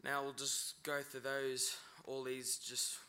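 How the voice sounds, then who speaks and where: A man's voice: mid-range voice, little pitch movement, sharp tone. A man teaching an Indigenous language, sounding out words syllable by syllable. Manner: breaks words into syllables, slow and deliberate. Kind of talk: pronunciation lesson.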